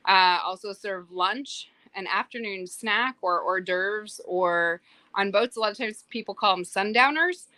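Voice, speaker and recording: A private yacht chef chats in a casual interview, telling animated stories packed with fillers and acting out quotes. Her voice is medium-pitched, and the recording is dry.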